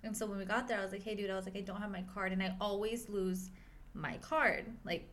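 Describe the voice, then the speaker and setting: A woman's voice: mid-range voice, steady tone, quick pace, a bit bright. Young woman, twenties, podcast co-host, casual rambling chat, swears. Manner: rambling storytelling with lots of "like" and swearing.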